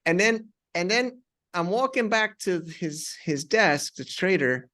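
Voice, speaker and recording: A man appears as a podcast guest, recounting a personal story in conversation, restarting often and retelling parts with animation. His voice is high-pitched and unhurried.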